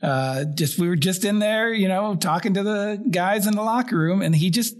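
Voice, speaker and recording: Man, high voice, podcast co-host, casual sports chat, rambling, laughs easily. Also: normal speed. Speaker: team writer and podcast co-host.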